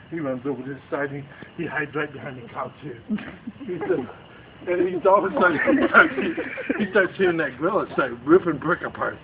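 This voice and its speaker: A man with a medium-pitched voice talks a little fast as he tells his family a spooky story around a nighttime bonfire. He's lively, acting out the panicked lines of the story's characters. The home video sounds tinny and noisy.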